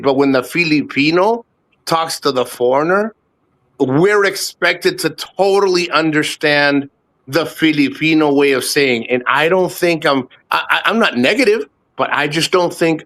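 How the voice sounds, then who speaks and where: A man's voice: fairly high pitch, expressive, a little slow, fairly bright tone. A man in his fifties from the United States, a guest on a casual live chat, talks in a rambling, profane way and often repeats himself. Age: 50s.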